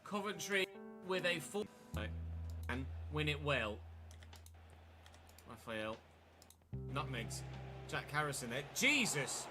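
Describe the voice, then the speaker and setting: A man's voice: fairly high pitch, sing-song, takes it slowly, pauses often, over music. A man streaming a football career game, commenting casually with a chatty, wry manner and answering his chat.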